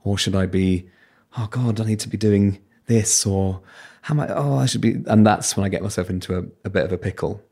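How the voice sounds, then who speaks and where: A man's voice: on the low side, fairly quick, warm tone, husky. A British man and radio presenter, a guest in a casual interview, talking candidly and telling self-mocking stories.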